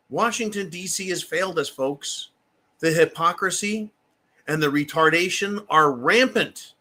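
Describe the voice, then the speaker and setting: American male commentator, fairly high voice, mocking and profane, delivers solo political rants. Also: bright, forceful tone.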